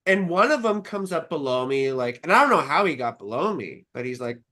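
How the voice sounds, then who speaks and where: A woman's voice: low voice, brisk. A young adult woman hosting a live astrology stream, chatting casually and telling stories with lots of swearing. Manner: profane, chatty, animated storytelling. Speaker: astrologer host.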